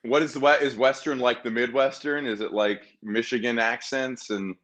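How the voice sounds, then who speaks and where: A man's voice: medium pitch, steady tone, normal speed, a bit bright. A man from the American South, a comedian guest in a casual video-call interview, with dry, playful humor.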